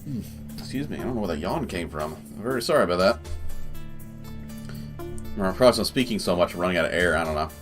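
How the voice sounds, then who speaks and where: A man's voice: deep voice, lively intonation, quick pace, long pauses, music in the background. Chatty male let's-play host. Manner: rambling and chatty, full of fillers. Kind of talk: casual gameplay commentary, reading game text aloud.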